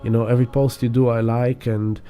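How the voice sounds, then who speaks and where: An awkward, obsessed male fan, played by a man, halting and full of fillers, in a dark mellow tone. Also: mid-range voice, level tone, faint music behind, natural voice. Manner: hesitant, filler-laden.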